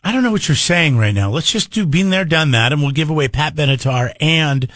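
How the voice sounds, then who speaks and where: A man hosting a radio morning show, running a call-in game in casual banter with frequent halting restarts. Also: a little high, animated, fairly bright tone, no echo. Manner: halting, restarts often, playful. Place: radio studio.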